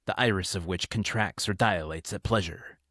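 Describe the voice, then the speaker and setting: A cool, precise young Parisian official ticking off details one by one, as a man reads him. His voice is low and dry, recorded close. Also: normal speed, bright, forceful tone, no echo. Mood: wry.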